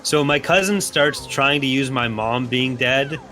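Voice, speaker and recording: A man's voice: mid-range voice, a little slow, sharp tone, faint music behind. A young man telling a story casually while playing a racing game, laid-back and sweary, laughing through it. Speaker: co-player.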